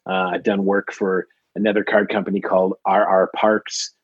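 Guy guesting on a podcast, low husky voice, lots of ums and restarts, kinda muffled. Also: flat delivery, moderate pace, no room sound. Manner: rambling, many fillers and restarts. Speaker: guest, trading card artist. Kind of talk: casual podcast interview.

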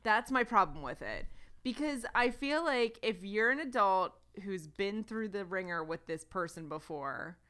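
A woman's voice: medium pitch, animated, measured pace, pushed and bright, clear, resonant tone. A woman co-hosting a podcast in casual chat, frank and casually swearing. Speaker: podcast co-host.

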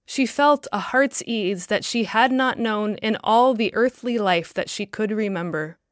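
Calm woman reading a story. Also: mid-range voice, unhurried, no room sound, clean studio sound. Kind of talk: scripted story narration.

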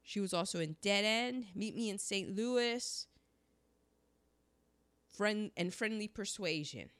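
A woman co-hosting a podcast in casual chat, talking with a sore throat and an animated manner. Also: slow. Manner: animated, rising to high exclamations. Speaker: podcast co-host. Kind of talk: casual chat about old movies.

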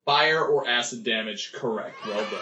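A man's voice: mid-range voice, moderate pace. A man hosting a casual trivia game, playful and laughing as he reads questions and judges. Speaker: game show host. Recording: echoey room, dull sound with clear noise.

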